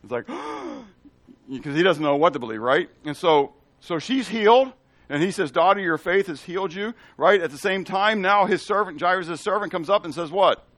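Male Bible teacher, slightly high voice, animated, quizzes the listeners, dry sound. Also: fairly quick, dry recording. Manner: animated, asks the listeners questions, acts out quoted lines.

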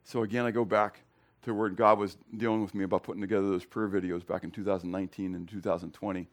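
A man preaching a sermon to his congregation, conversational, asking them direct questions and moving between loud emphasis and quiet, low remarks. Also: flat delivery, quick pace. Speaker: pastor. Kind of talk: expository sermon.

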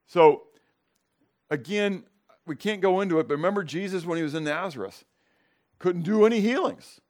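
A man's voice: sits high, lively intonation, normal speed, long pauses, darkish tone. A man teaching a casual Bible class, checking in with "okay?" and "right?" and acting out scenes for his students. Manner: asks the class questions and acts out scenes.

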